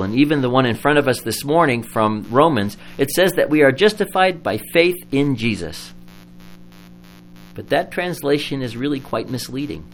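Earnest man preaching, mid-pitched, faint hum in background. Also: vocal fry, low-quality recording. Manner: earnest storytelling, lively when recounting a story. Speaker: Lutheran pastor. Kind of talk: sermon.

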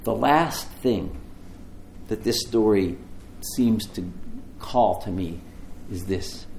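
A male pastor preaching a sermon, telling the story with animated voices for the people in it. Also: fairly low pitch, slow, vocal fry, reverberant, a little hiss or hum. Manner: animated storytelling, acts out dialogue.

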